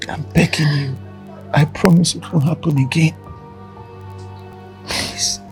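A man's voice: on the high side, steady tone, takes it slowly, a little mellow. An actor playing a remorseful husband who pleads, often in a whisper, for his wife's forgiveness. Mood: pleading. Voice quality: creaky. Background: music.

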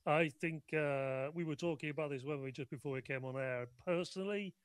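Man, talk show guest, jovial, bantering, a bit high-pitched, dry sound. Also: a little fast, clear, resonant tone, no echo. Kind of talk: casual talk show conversation.

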